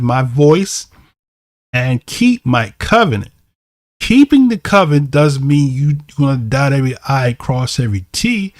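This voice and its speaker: A man's voice: mid-range voice, no echo, studio quality. A man teaching a bible lesson, reading verses aloud and explaining them, often asking "right?" to check in with listeners.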